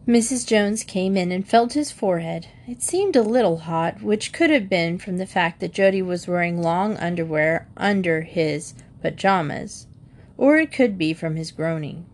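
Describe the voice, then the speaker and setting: A woman narrating a children's book in a steady storytelling manner. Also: on the low side, normal speed. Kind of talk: audiobook reading of a children's book.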